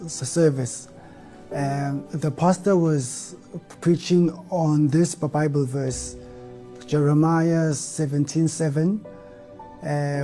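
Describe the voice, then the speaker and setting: A man's voice: on the high side, mellow. Stuttering man giving an earnest testimony. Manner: heavy stutter with repeated syllables; earnest, emotional, rising to fervent outbursts. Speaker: church member giving testimony. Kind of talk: personal testimony.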